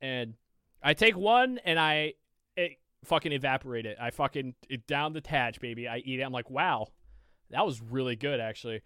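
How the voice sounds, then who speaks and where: A podcast co-host telling a casual story, rambling with lots of fillers and swearing freely. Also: male voice, medium pitch, animated, normal speed, pushed and bright, clean tone, no room sound, clean studio sound.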